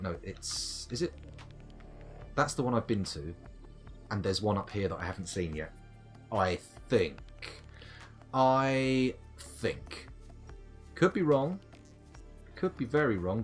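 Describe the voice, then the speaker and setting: A middle-aged man giving chatty, playful live commentary on his game, talking to the creatures and to himself. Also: mid-range voice. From United Kingdom. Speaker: gaming streamer.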